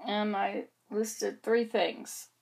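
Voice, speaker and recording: A woman's voice: medium pitch, steady tone, very slow, creaky, a little mellow. A woman vlogging to camera, chatting in a rambling, meandering way with little asides to herself. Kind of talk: casual chat to camera. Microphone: camera facing her like a mirror.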